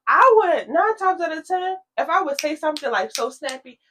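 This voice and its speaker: A woman's voice: sits high, lively intonation, fairly quick, a bit bright, slight background noise. A woman co-hosting a podcast in casual chat, talking frankly about herself and laughing often. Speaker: podcast co-host.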